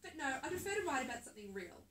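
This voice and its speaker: A woman's voice: high voice, very animated, rapid-fire, a bit bright, recorded from a distance, slight background noise. A woman reading aloud and voicing a small, determined girl ferret who wants to write a book, in a storybook reading. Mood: eager. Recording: echoey room, phone held away.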